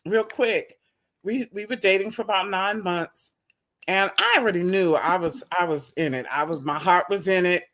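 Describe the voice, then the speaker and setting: Animated woman telling a story. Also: fairly low pitch, moderate pace. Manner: animated, acts out both sides of conversations; laughs often while telling. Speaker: guest. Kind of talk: casual storytelling.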